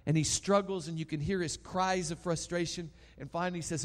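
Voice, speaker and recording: Guy preaching a sermon story, kinda high voice, goes loud then real quiet. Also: fairly even intonation, a little fast, hardly any pauses. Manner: dramatic, swings between loud and hushed.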